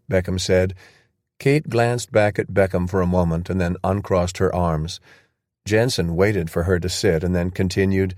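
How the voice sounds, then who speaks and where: A male narrator reads an audiobook in a very deep, steady voice. The recording is close and dry with no room sound. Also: moderate pace, dry recording. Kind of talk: scripted narration.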